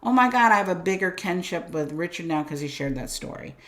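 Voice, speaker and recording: A woman guest on a podcast interview, telling her story in an animated way, acting out her own thoughts and swinging between quiet and loud. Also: on the low side, a little fast. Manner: animated, acts out voices of herself and God, swings loud and soft. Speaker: guest, business coach.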